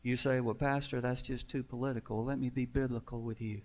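A man, a pastor, preaching a sermon with emphatic swells and drawn-out, falling endings. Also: medium pitch, little pitch movement, a little mellow.

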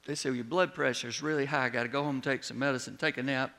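A man preaching a sermon as a pastor, telling a personal story with lively retold dialogue and words that drop soft at the ends of lines. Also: mid-range voice, quick pace, gravelly. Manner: storytelling, animated when retelling, drops soft on closing words.

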